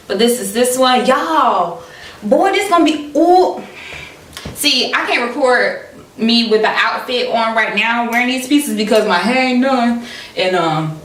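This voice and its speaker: Young woman, excitable unboxing vlog, fairly high voice, roomy echo, distant mic with faint hiss. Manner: dramatic, gushing, addresses viewers as y'all. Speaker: fashion vlogger.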